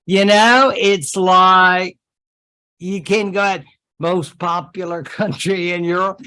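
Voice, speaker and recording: A man lecturing on history to his class, speaking slowly and taking his time. His voice sits a little high, and he keeps things chatty, dropping in jokey asides and quick made-up quotes. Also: pushed and bright.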